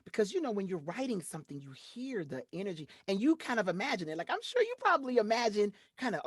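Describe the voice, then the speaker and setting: A woman's voice: mid-range voice, fast talker, hardly any pauses, slightly rough, no room sound, clean studio sound. A woman from Detroit, a voiceover artist, talking as an interview guest and acting out voices as she explains her work. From Detroit, USA. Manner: expressive, acts out voices while explaining. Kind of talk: casual interview chat.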